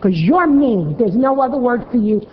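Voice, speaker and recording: A woman's voice: a little high, expressive, moderate pace, slight background noise. A woman making a blunt, scolding public comment from a podium microphone in a city council chamber. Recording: echoey hall, dull broadcast sound.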